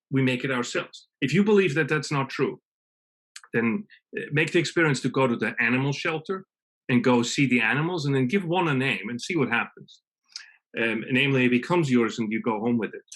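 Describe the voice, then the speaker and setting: Male conference speaker, husky and slightly high, who tells a story and plays out its dialogue. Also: fairly bright tone. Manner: acts out dialogue playfully, with restarts. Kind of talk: storytelling talk. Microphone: video call.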